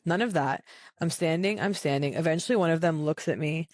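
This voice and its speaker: Low-voiced woman telling a story. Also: fast, dry recording. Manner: animated storyteller, acts out quoted people with jumps in pitch. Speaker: podcast co-host. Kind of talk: casual chat, storytelling.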